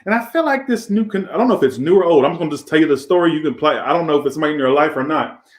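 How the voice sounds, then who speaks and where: A man's voice: fairly high pitch, animated, rapid-fire, echoey room. A man doing a casual tarot reading in a crude, profane, rambling way. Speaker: tarot reader.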